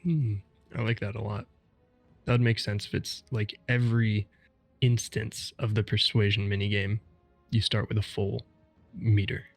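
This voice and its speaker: A man's voice: fairly low pitch, level tone, moderate pace, soft background music. A man co-hosting a podcast, explaining game mechanics step by step in casual chat. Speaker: podcast co-host.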